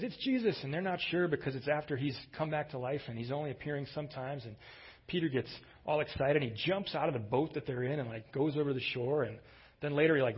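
A man's voice: mid-range voice, breathy edge, highs cut off. A man preaching a sermon in a conversational, storytelling manner, with lifts in his voice for emphasis. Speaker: pastor.

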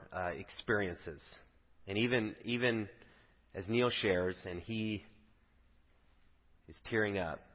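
Pastor guy, really low voice, slow, echoey hall, dull sound. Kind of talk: sermon.

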